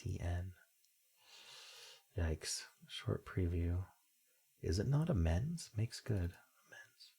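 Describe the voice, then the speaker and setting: A man with a deep, gravelly voice works through a crossword, reading clues aloud and muttering his guesses as he goes. His tone is husky and unpolished, the sound of someone thinking out loud on his own. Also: big pitch swings, takes it slowly, pauses often. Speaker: crossword-solving video host. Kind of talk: thinking aloud while solving a puzzle.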